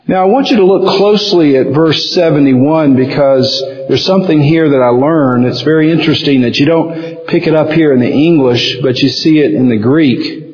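A man's voice: on the high side, normal speed, a little mellow. A man with a Southern US accent preaching a sermon, telling folksy stories and acting out the quotes he reads. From American South. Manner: folksy storytelling with acted-out quotes. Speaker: pastor. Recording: dull lo-fi recording in a reverberant hall.

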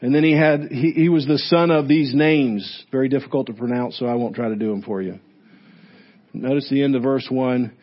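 A man's voice: mid-range voice, moderate pace, lo-fi sound. A male pastor preaching a sermon in a church, reading scripture aloud with emphatic, repeated phrases. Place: church sanctuary.

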